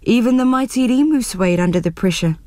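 A woman reads a children's story aloud. Her voice is mellow and gentle, close and dry, with expressive pacing. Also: on the high side, a little fast, dry recording. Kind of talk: storybook reading.

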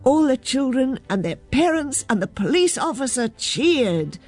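A woman reading a children's story aloud in a gentle, expressive narrating voice. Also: high voice, measured pace, dry recording.

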